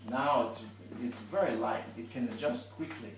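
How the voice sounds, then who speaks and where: A man's voice: mid-range voice, normal speed. Man teaching violin in a roomy space. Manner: patient, explains with demonstrations and restarts. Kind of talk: one-on-one instruction. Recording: roomy, from a distance.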